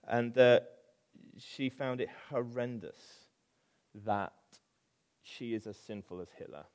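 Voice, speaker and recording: A middle-aged man preaching a conversational sermon, animated, with asides. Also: medium pitch, slow. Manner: animated, acts out quoted voices, conversational with asides.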